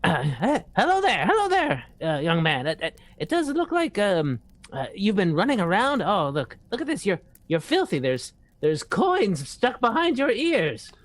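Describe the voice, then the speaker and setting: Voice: medium pitch, sing-song, measured pace, no room sound. A player speaking in character at a tabletop game, stammering and repeating words.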